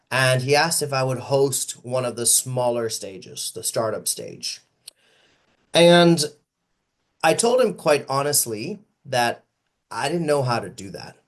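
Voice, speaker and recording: A man, a podcast guest and event host, telling stories in an animated way and acting out the people he quotes. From Ireland. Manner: animated storyteller, acts out quoted voices with big pitch jumps. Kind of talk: storytelling interview answers.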